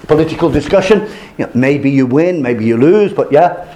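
Casting: older male lecturer, slightly high voice, very animated delivery, storyteller. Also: normal speed. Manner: lively, storytelling, acts out quoted voices. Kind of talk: classroom lecture.

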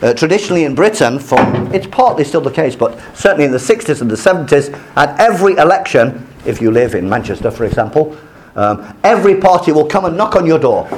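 A man giving a university lecture on politics, animated and full of restarts, slipping into short French asides. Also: on the high side, quick pace, a little hiss or hum. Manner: animated, acts out quoted voices, many restarts.

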